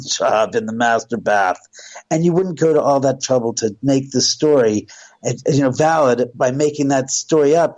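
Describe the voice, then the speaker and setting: A middle-aged man tells a story as a radio guest. He is animated and acts out the voices of the people in it, raising and dropping his pitch as he quotes them. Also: low-quality recording. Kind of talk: storytelling on a call-in radio show.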